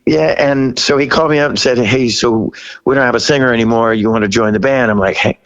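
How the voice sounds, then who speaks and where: A rock singer in his sixties, appearing as a guest in a casual interview, tells a story quickly, laughing often and leaping up in pitch whenever he quotes himself. The recording is rough.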